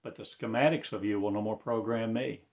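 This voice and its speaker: A man with a fairly low, evenly inflected voice delivers a rambling prophetic monologue. He speaks slowly and incantatorily, now and then breaking into loud proclamations.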